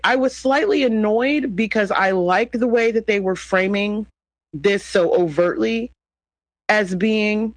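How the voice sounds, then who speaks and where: A man's voice: sits high, a little slow, no room sound, rough recording. A man co-hosting a podcast, talking casually and animatedly, teasing and laughing as he goes. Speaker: podcast co-host.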